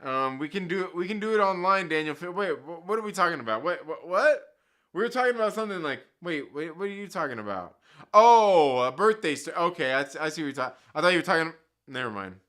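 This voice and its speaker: A man hosts a loose live chat stream with a bright, forceful voice pitched a little high. He talks in slangy, profane asides, cracks jokes and laughs often as he reads out viewer comments. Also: animated, fast talker. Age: adult with children.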